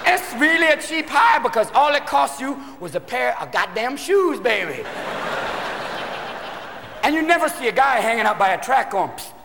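A male stand-up comedian delivering a brash, profane set in a large venue, often jumping into shouted character voices. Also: very high voice, very animated, moderate pace, vocal fry. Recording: live venue recording with long reverb and crowd noise. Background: audience laughter and crowd ambience.

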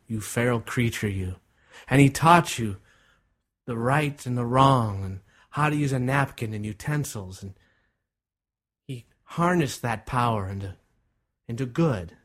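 Male guide, mid-range voice, dramatic visualization narration with hushed whispered stretches. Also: mid-range voice. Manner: vivid, dramatic storytelling, dropping at times to a hushed whisper.

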